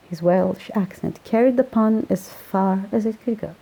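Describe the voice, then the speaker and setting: A woman's voice: mid-range voice, moderate pace, gravelly, hardly any pauses, dark tone, breathy edge, poor audio. A woman reading a fan story aloud as a modest amateur reader. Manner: modest, apologetic.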